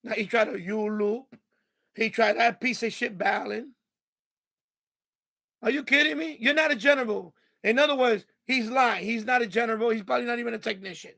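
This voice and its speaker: High, gravelly man ranting angrily. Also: fairly even intonation, normal speed, pushed and bright. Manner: angry, profane, repetitive ranting. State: mad. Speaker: ham radio livestream host. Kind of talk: unscripted livestream rant.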